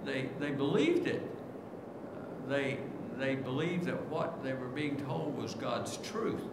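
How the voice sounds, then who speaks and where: A man preaching a sermon in earnest, repeating key words and rising in pitch as he pleads. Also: lively intonation, slow pace. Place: church sanctuary. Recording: echoey church room with background noise.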